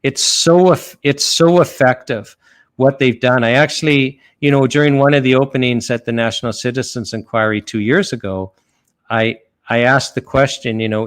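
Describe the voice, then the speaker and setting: Male lawyer guest from Canada, mid-pitched, earnest and conversational, full of restarts and fillers. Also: steady tone, moderate pace. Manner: earnest, retells a parable with many restarts and fillers. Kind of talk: conversational podcast talk.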